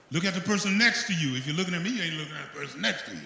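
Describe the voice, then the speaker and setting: An older man addressing young men in a hall, leading them in a shouted call-and-response pledge, chanting each line like a preacher. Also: fairly high pitch, animated, very fast, gravelly, few pauses. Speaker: honored speaker. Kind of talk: call-and-response motivational speech. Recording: echoey hall with crowd noise.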